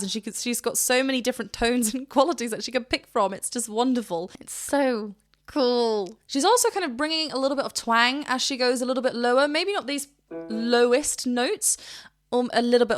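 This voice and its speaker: A woman vocal coach reacting to a song, gushing and rambling with quick restarts. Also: on the high side. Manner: breaks into short sung demonstrations. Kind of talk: reaction commentary.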